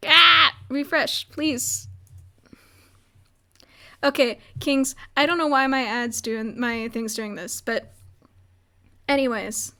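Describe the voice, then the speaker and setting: A woman's voice: on the high side, measured pace, a bit bright, smooth. A young woman casually recapping a roleplay server on her livestream, rambling and giggling with lots of filler words. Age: young adult.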